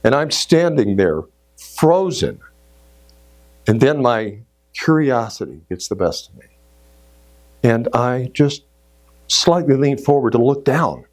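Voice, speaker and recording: A middle-aged man telling a story in a sermon, acting out inner voices and moving from shouts to hushed tones. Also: on the high side, very animated, unhurried. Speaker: speaker at a church service.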